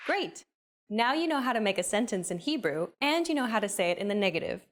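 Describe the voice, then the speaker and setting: A woman narrating a scripted language lesson in a clear, upbeat, explaining manner. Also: mid-range voice, very animated, brisk.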